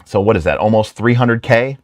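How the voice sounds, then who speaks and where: A man's voice: on the low side, brisk, no room sound, clean studio sound. A middle-aged man hosting his own channel, talking casually and rambling through self-deprecating stories with lots of restarts and asides. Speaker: channel host.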